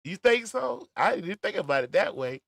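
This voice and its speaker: A middle-aged man hosting a casual livestream, reading chat comments aloud with laughter and drawn-out emphasis. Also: sits high, sing-song, creaky, fairly bright tone, no room sound, clean studio sound. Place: at home, smoking a cigar.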